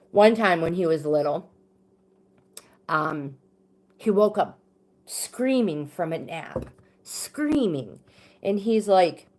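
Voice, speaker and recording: A middle-aged woman hosting a livestream, telling a personal story in a casual, halting way with frequent fillers and restarts. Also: on the low side. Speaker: livestream host.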